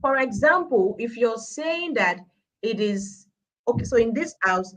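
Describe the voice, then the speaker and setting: A woman's voice: fairly high pitch, animated, a little slow, a bit bright, rough recording. A middle-aged woman with a Nigerian accent, speaking as a guest on a live-stream talk show about parenting, stressing her points with repetition. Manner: emphatic, repeating points for stress.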